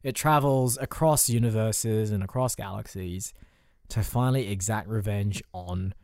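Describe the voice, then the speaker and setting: A man's voice: lowish voice, a little mellow, no room sound. Playful podcast co-host man, dry close sound. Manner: playful, quick to agree, laughs often. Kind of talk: casual comedic chat.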